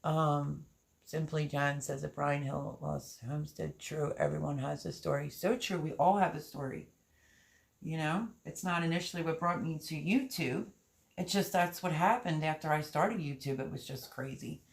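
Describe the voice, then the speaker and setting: A woman's voice: sits low, normal speed, vocal fry. A woman hosting a gardening channel live stream, chatting casually and reading viewer comments aloud.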